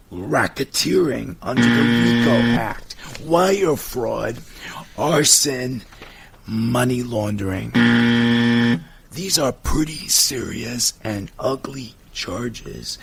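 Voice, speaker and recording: A man's voice: mid-range voice, creaky, fairly bright tone, breathy edge. A man with a Brooklyn accent hosting a talk radio show, punchy and emphatic as he runs through lists. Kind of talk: casual talk radio banter.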